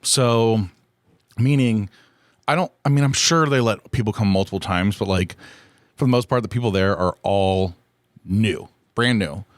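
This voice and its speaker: A man with a fairly low voice rambles through a solo podcast episode, candid and liberally profane. He keeps poking fun at himself as he goes. His voice is recorded dry and close, with no room sound. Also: unhurried, no room sound. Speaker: podcast host. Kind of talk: casual solo podcast chat.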